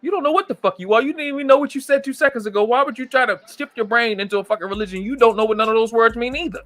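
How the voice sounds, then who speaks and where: A man's voice: extremely high pitch, racing, fairly bright tone, no room sound, soft background music. A man hosting a livestream, ranting angrily and mocking his critics with heavy profanity. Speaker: livestream host. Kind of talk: angry ranting monologue.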